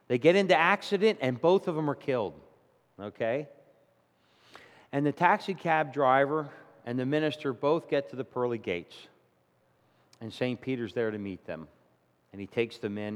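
A man preaching a sermon, telling a story in a lively, animated way. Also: big-room sound. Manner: animated storytelling, rising to loud indignant pitch in acted quotes. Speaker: pastor. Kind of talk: sermon with a told joke.

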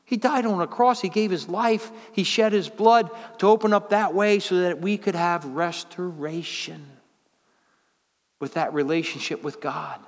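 A fairly high-voiced man preaching a folksy sermon. His voice drops low and quiet, then surges up high and loud. The sound rings with the long reverb of a church hall. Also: unhurried.

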